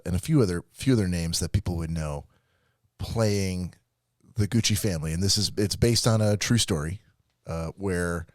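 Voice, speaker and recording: A man with a lowish voice rants through a movie review on a podcast, swearing and laughing as he goes. His voice sits close and dry on the mic. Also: no echo. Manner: ranting, profane, laughing storyteller. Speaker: podcast co-host. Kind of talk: casual chat.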